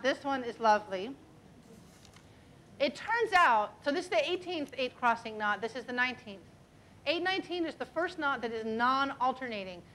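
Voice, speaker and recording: A woman's voice: sits high, fairly bright tone. A middle-aged woman, a mathematician, giving an enthusiastic, chatty public lecture with hands-on demonstrations, often checking in with "okay?" and "right?".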